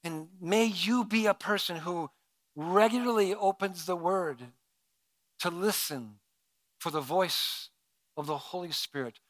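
A middle-aged man preaching a sermon as pastor, earnest, swinging from soft asides to emphatic calls. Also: high-pitched, unhurried, dry recording.

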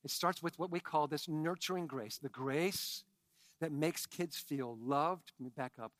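Unhurried and high-voiced, this pastor moves between soft, hushed lines and emphatic shouting as he preaches. Chatty remarks to the congregation punctuate the sermon, and his bright tone comes across in a close, dry recording.

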